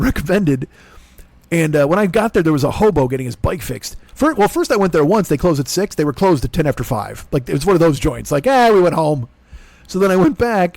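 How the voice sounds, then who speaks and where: A man hosting a comedy podcast, telling a rambling, self-deprecating story full of swearing and quick voices for the people in it. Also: fairly high pitch, a little mellow, no room sound. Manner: profane, self-deprecating, jumps into voices of others in his stories.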